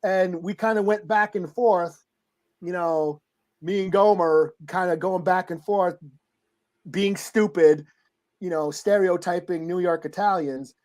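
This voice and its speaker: A man's voice: high voice, steady tone, measured pace, a little mellow. Laid-back, laughing male podcast co-host. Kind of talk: casual chat.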